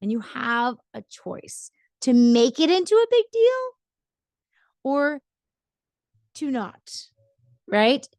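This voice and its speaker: A woman's voice: sits high, very animated, slow, long pauses, darkish tone, no room sound. Chatty woman vlogger, dry sound. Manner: chatty, rambling, frequent "right?" tags. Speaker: vlogger giving relationship advice. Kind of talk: casual advice monologue.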